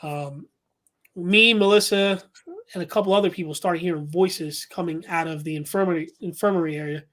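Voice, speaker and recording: A man's voice: sits high, normal speed, a bit bright. A man telling a story as a guest paranormal investigator, talking casually with many fillers and restarts.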